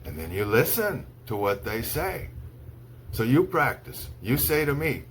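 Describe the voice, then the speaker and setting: A man from the United States teaches English in a slow, unhurried voice, sounding out each word clearly. His voice sits fairly low, with faint noise behind him. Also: big pitch swings. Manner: slow, deliberate, repeats words one by one for dictation. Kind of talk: slow, clearly spoken ESL lesson.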